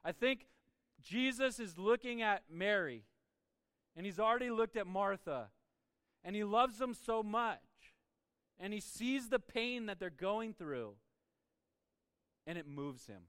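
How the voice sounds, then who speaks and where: Male pastor, conversational sermon delivery; high, clear voice in a reverberant hall. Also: expressive, measured pace, a bit bright, clean studio sound. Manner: conversational preaching with laughs and asides.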